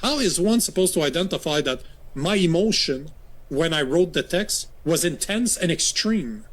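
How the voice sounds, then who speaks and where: Male pundit, fairly high voice, argumentative, heavy on rhetorical questions. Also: expressive, moderate pace. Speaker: political commentator. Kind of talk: critical commentary.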